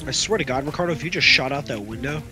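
A man gaming with friends, loud and teasing, swearing often. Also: medium pitch, racing. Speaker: gamer. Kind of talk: casual gaming banter. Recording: voice chat with background music.

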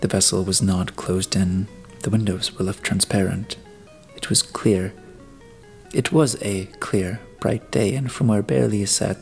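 Low-voiced man reading an audiobook. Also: a little mellow. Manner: deliberate reading with occasional restarts. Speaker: audiobook reader. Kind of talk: audiobook narration.

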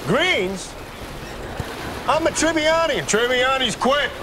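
A dim, goofy young man fumbling through a sailing lesson, jokey and easily confused. His voice rides high and swoops lively up and down. Heavy background noise from a sitcom soundtrack with studio laughter. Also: slow pace, heavily acted. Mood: indignant. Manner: jokey and easily confused, pitching up when indignant. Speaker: sitcom character. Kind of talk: sitcom acting.

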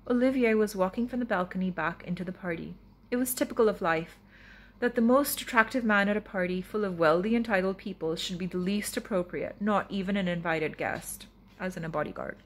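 A woman author reading her own novel in the first person, with expressive, wry narration. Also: mid-range voice, slight background noise.

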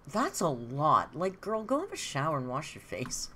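A woman's voice: rumbling low, very animated, a little fast, few pauses, bright, forceful tone, a little hiss or hum. A middle-aged woman hosting a live stream, chatting candidly and answering comments from her viewers. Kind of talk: casual live-stream chat.

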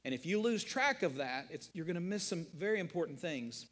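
In a church sanctuary with the spacious sound of a large hall, a pastor preaches with emphasis and rhetorical force, repeating key phrases and putting questions to his listeners. His fairly high voice is expressive, brisk, and a little bright.

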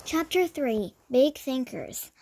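A woman's voice: high voice, lively intonation, slow, darkish tone. A woman reading a children's chapter book aloud, stumbling over words and restarting them. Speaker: reader.

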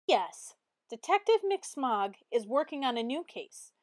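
A woman teacher reading a picture book aloud to children in an expressive, animated way. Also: sits high, unhurried. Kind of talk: read-aloud storytelling.

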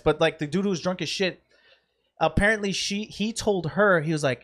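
Young male podcast co-host, high voice, rambling profane storyteller. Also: steady tone, fast, a bit bright. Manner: rambling, profane anecdote-telling with laughs. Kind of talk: casual chat, storytelling.

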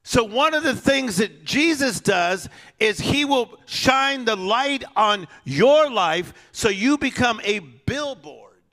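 A male preacher with a high, gravelly voice delivers a sermon, at times calling out loudly and at times dropping to a hushed storytelling tone. His delivery is unhurried, and soft piano music plays behind him. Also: animated. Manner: swings between loud exhortation and hushed storytelling.

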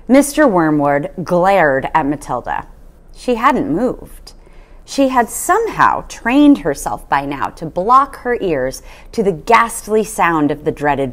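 A woman reading a children's novel aloud, with an expressive storytelling manner. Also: lowish voice. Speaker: storybook reader.

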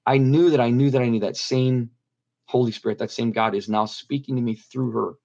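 A man's voice: medium pitch, moderate pace, darkish tone, dull audio. A middle-aged man earnestly telling a personal story as an interview guest, repeating phrases for emphasis. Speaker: guest telling his near-death story.

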